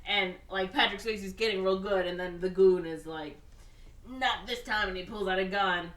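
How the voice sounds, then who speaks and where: A woman's voice: on the low side, steady tone, moderate pace, a bit bright, roomy sound, recorded from a distance. A woman co-hosting a podcast, casually rambling through a movie plot and voicing the characters. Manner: rambling movie recap with voiced quotes. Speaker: podcast co-host. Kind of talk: casual chat.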